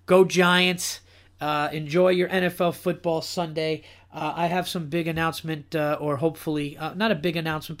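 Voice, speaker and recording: Ranting comedian host, higher voice. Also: male voice. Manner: animated ranting with emphatic repetition. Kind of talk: casual comedy podcast chat.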